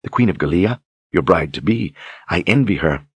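A man voicing a soft-spoken, demure young noblewoman duchess in an audiobook, courteous and flattering. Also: sits low, normal speed, breathy edge, dry recording. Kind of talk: audiobook character reading.

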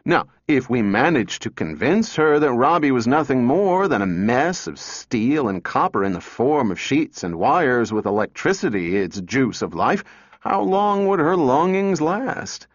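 A man's voice: mid-range voice, sing-song, a little slow, no room sound. Man playing a smug storybook father laying out a plan, dry dull audio. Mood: persuasive. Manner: persuasive, explaining.

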